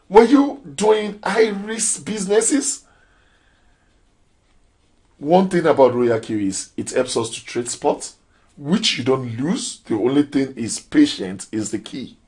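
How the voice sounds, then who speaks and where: A man's voice: on the high side, breathy edge. A man giving a motivational trading lesson, preachy and full of rhetorical questions with rising emphasis. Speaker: crypto trading trainer. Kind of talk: motivational training talk.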